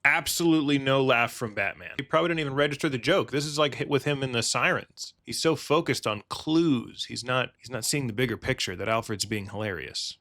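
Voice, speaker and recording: A man's voice: mid-range voice, brisk, hardly any pauses, fairly bright tone. A male comedian riffing sarcastically while reacting to a cartoon, often slipping into silly voices. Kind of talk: comic reaction commentary.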